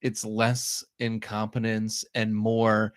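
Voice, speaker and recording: A man co-hosting a casual podcast, reasoning things out in a relaxed way. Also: fairly low pitch, takes it slowly, clean tone, dry recording, clean studio sound. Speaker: podcast co-host.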